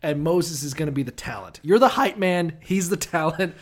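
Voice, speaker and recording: A man's voice: a little high, lively intonation. Irreverent, profane joking man. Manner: profane, irreverent, quick to laugh. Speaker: podcast co-host. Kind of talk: casual comedic banter.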